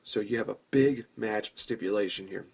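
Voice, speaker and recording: This man's voice sits fairly low, with vocal fry, a darkish tone and a breathy edge, and he speaks at a moderate pace. Hosting his podcast, he spins a long fantasy-booking story casually, performing imagined dialogue along the way.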